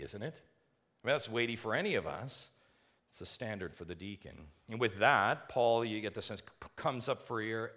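A man's voice: lowish voice, a bit bright. A male pastor preaching a sermon to his church, emphatic, repeating key phrases and putting questions to the congregation.

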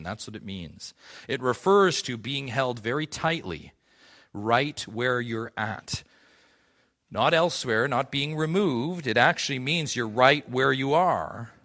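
A man's voice: mid-range voice, fairly bright tone. A man preaching a sermon as pastor, impassioned and rising to emphatic peaks.

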